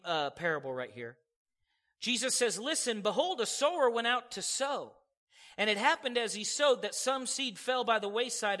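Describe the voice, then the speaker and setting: A man's voice: sits high, pushed and bright. A man preaching a sermon, teaching verse by verse, asking his listeners questions and acting out the people he quotes. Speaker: pastor. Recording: long hall reverb.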